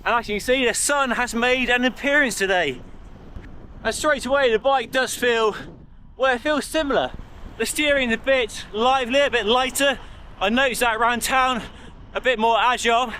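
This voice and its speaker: A man talking through a bike review in a measured, conversational way. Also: very high-pitched, bright, forceful tone, slight background noise. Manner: measured, conversational product comparison. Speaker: cycling reviewer.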